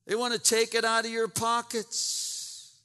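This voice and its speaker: Slow, high-voiced preacher in a hall. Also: male voice, monotone, bright, forceful tone, clear, resonant tone. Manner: emphatic, repeats words, retells scripture with asides. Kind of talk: sermon. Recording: long reverb in a large hall.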